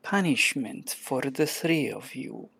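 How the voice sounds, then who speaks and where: A woman voicing a strict motherly cat who scolds kittens slowly. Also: very deep voice, expressive, gravelly, a bit bright, full character voice. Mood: scolding. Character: stern motherly cat, older female.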